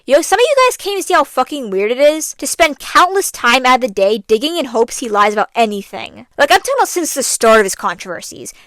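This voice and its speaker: High-voiced exasperated young woman, dry close mic. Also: sing-song, fast, few pauses, fairly bright tone, no echo. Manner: exasperated, blunt, sarcastic. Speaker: commentary youtuber. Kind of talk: scripted commentary voice-over.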